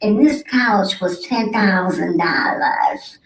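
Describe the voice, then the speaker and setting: A woman with a medium-pitched voice speaks slowly as a podcast host, spinning a sassy, dramatic story and playing both sides with big vocal swings. She calls her listeners "honey" and "sweet babies" in this animated storytelling, and the recording has a roomy echo.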